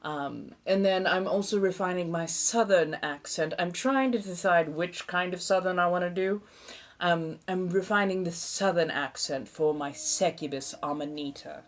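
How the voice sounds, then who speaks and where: A woman's voice: fairly low pitch, moderate pace. Theatrical woman with an old-fashioned American accent. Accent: put-on old-fashioned American accent. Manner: theatrical, flowery and affectionate; talkative chatterbox. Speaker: livestream host. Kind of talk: chatty livestream with viewers.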